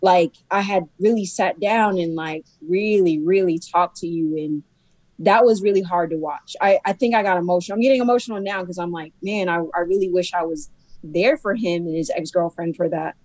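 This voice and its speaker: A woman's voice: on the low side, a little fast, darkish tone, no echo, poor audio. A young woman talking as a guest in a casual chat, heartfelt and rambling, with lots of filler likes. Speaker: guest, host's sister.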